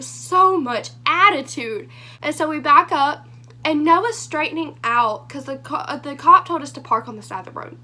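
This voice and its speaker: A young woman vlogger with a high, bright, hoarse voice. She rambles through her story, animated and full of fillers. Her telling is quick and energetic. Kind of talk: storytime vlog.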